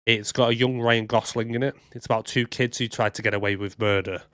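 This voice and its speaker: A man's voice: fairly low pitch, steady tone, fairly quick, a bit bright, no echo, studio quality. A man co-hosting a movie podcast, chatting casually and rambling with lots of fillers. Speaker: podcast co-host. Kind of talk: casual chat.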